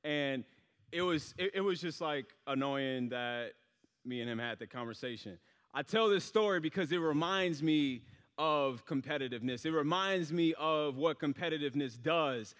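A young man tells a story in his sermon in a loose, rambling way, full of fillers. His voice sits slightly high for a man. A long hall reverb trails each phrase. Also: normal speed, a bit bright, clear, resonant tone. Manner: casual, rambling, many fillers.

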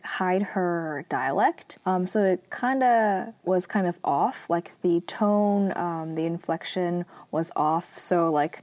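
A young woman casually retelling a TV drama episode, chatty and filled with "like" and "um", adding lively asides. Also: dry recording. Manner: chatty, heavy use of "like" and "um"; lively asides, acts out quotes in a higher voice. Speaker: drama recap vlogger.

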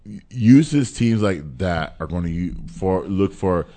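A man hosting a casual basketball talk show, animated and given to repeating words. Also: low voice, takes it slowly. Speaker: host.

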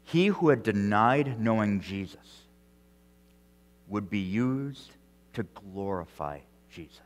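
A male pastor preaching an earnest sermon, repeating words as he goes and swinging between loud emphasis and quiet, soft phrases. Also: fairly low pitch, animated, slow, in a large hall. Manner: earnest preaching with frequent restarts and strong swings in loudness.

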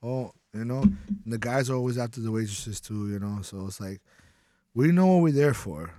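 A man, a DJ guest on a podcast, telling animated stories and laughing often. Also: mid-range voice, normal speed, no echo. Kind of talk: casual chat.

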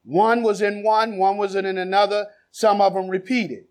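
A man a sermon, quizzing the congregation and then building to shouted exhortation. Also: high voice, flat delivery, moderate pace. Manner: builds from conversational questioning to shouted preaching. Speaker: preacher. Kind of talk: sermon with congregation call-and-response.

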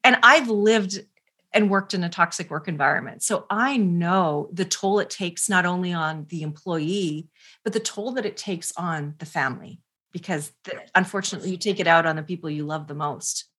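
A woman's voice: fairly low pitch, normal speed, bright, forceful tone, slightly rough. A middle-aged woman speaking as a parenting expert guest in an interview, earnest and passionate with emphatic repetition. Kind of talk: conversational interview.

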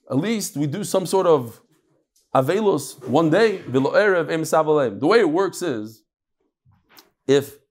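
Guy giving a chill talmud class, bit high voice, tells jokes, very animated. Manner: animated storytelling, lively shifts in pitch. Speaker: Talmud teacher. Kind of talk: casual Talmud lesson with jokes.

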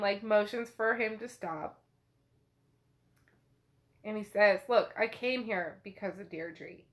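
A woman's voice: mid-range voice, a bit bright. A woman casually retelling a novel chapter, chatty and full of fillers. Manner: chatty paraphrasing with frequent fillers. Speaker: book podcast host.

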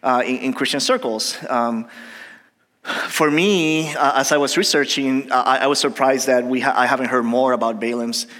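A man's voice: mid-range voice, moderate pace, a bit bright. A man preaching a sermon in a loose, hesitant, conversational manner, often stopping and starting. His voice sits in an ordinary middle register. A long reverb hangs behind him, as in a large church hall. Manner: hesitant, many fillers and restarts. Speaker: pastor.

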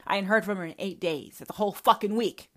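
A woman's voice: mid-range voice, fast talker. A woman hosting a personal podcast, talking straight to her mother in a profane, confrontational and emphatic way. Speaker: podcast host.

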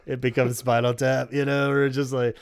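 A man's voice: medium pitch, level tone, moderate pace, clean tone, no echo, studio quality. A man co-hosting a podcast in casual chat, rambling and swearing, with lots of filler "like". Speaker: podcast co-host.

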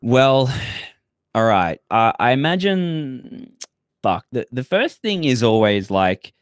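A man's voice: mid-range voice, sing-song, slow, smooth, no room sound, clean studio sound. A young adult man, a radio host, chatting loosely and frankly with a fair bit of swearing. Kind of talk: casual podcast chat.

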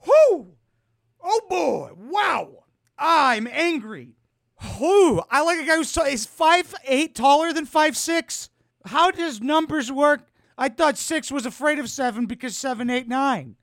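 A man in his twenties hosts a podcast and reacts to a dating clip in a loud, mocking, excitable way, swearing often. His pitch swings widely as he talks. The sound is dry and close to the mic. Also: measured pace, gravelly, no room sound. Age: 20s. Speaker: podcast host reacting to a video. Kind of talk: casual reaction commentary.

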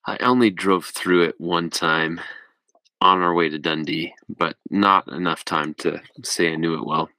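Very deep, bright-toned male host. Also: steady tone, measured pace, no echo. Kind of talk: casual chat.

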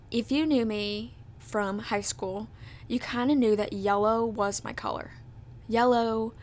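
A woman's voice: mid-range voice, slight background noise. A woman in her twenties hosting a podcast, chatting casually and bubbly, full of "like" and "literally". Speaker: podcast host. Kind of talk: casual chat.

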